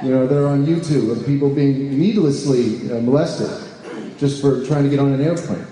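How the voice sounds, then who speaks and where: A man's voice: medium pitch, normal speed, dark tone. Man speaking in an echoey hall. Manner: hesitant, many fillers and restarts, asks the room questions. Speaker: deputy director of an advocacy group. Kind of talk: speech to a live audience. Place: large echoey room with an audience. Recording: roomy hall reverb, faint background noise.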